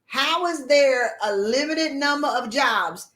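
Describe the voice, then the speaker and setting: Woman coach, bit high voice, blunt and sassy, lots of how-dare-you type questions, motivational talk. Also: lively intonation, slow pace, fairly bright tone, roomy sound. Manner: blunt, emphatic, rhetorical questions; colloquial and sassy. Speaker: leadership coach.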